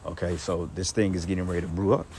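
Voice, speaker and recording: Deep-voiced man rambling through prophecy. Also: flat delivery, fast, a little mellow, a little hiss or hum. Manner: rambling, profane, reads scripture aloud. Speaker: prophecy teacher. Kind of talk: casual livestream bible teaching.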